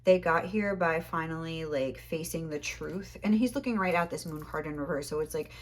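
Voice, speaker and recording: A woman's voice: sits low, moderate pace. A young woman giving a casual tarot reading, rambling and filling her talk with "like", a little out of breath. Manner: rambling, heavy use of "like". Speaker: tarot reader.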